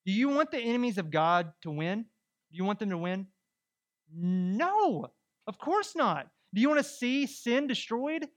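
With a high, unhurried voice, this male pastor delivers his sermon conversationally and with animation. He keeps throwing rhetorical questions at the congregation.

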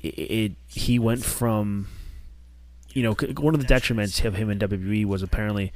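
Animated, rambling male podcast co-host. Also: lowish voice, moderate pace. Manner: animated, rambling, many restarts and fillers. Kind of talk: casual podcast chat.

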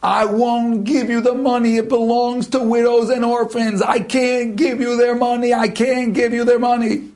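A man voicing an elderly male rabbi who refuses to give up charity money, speaking low and hushed. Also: flat delivery, moderate pace, hardly any pauses. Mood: desperate. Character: stubborn old male rabbi, fiercely principled.

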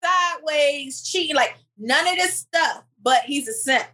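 Casting: woman podcast co-host, fairly high voice, animated slangy storyteller. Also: a little slow, poor audio. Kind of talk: casual chat.

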